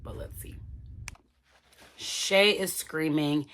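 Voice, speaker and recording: A woman's voice: sits low, a little slow, pauses often. A woman giving a casual, chatty recap of a reality show, talking straight to her viewers. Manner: chatty, addresses viewers as y'all.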